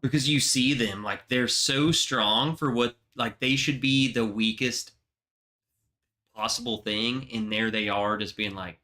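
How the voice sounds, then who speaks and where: Young male livestream host, bright edge, unhurried delivery, casual and sweary. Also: medium pitch. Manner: emotional, swearing, rambling storytelling.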